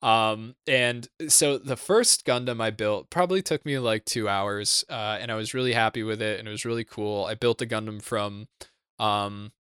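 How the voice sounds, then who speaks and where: A young man hosting a podcast in casual chat, rambling and swearing with lots of fillers and restarts, close to the mic in a quiet room. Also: on the low side, clean tone, no room sound. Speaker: podcast host.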